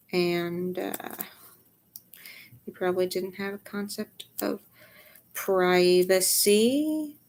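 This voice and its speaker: A young adult woman talking frankly to camera in a rambling personal vlog. She sounds tired, swears freely, and often sinks into a near whisper. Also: on the low side. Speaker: vlogger. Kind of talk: candid personal vlog monologue.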